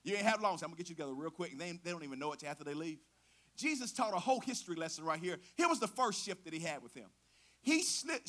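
With a high-pitched voice, this preacher keeps his sermon lively and conversational, throwing questions at the congregation and dropping slang along the way.

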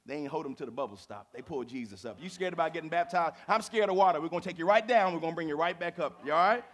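Pastor, slightly high voice, lively sermon delivery that moves between loud and soft, folksy and direct with the congregation. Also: male voice, rapid-fire, hardly any pauses. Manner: dynamic preaching, swings from loud to hushed.

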